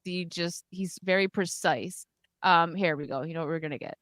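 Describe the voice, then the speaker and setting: A woman's voice: fairly low pitch, normal speed, fairly bright tone, dry recording. A woman hosting a casual party live stream, chatty and giggly, thanking viewers for their donations.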